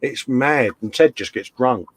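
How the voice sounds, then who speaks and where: A man's voice: mid-range voice, unhurried, slightly rough, dry recording. A man hosting a casual live stream, chatting and reading out viewer comments in a jokey way.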